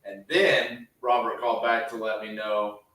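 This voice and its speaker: A man in casual office chat, briskly recounting what happened on a deal step by step. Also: lowish voice, fairly even intonation, a bit bright, heavy reverb, far from the mic, poor audio. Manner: brisk storytelling, relays events step by step. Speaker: business partner.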